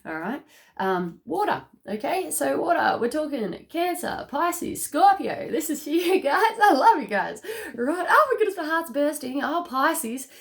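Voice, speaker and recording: A woman giving a casual spiritual card reading to viewers, excitable, laughing often and checking in with "okay?" after each point. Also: high-pitched, a little slow, creaky. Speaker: tarot reader.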